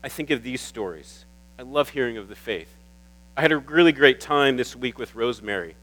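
Teary, bright-voiced man preaching. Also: mid-range voice, expressive, low-quality recording. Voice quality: halting, repeats words. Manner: warm, emotional, getting teary at times. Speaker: pastor. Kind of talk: sermon. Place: church.

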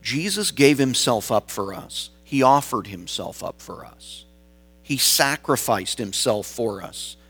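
A man preaching a sermon, slow and deliberate, building his points through repeated phrases. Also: mid-range voice, a bit bright. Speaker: pastor.

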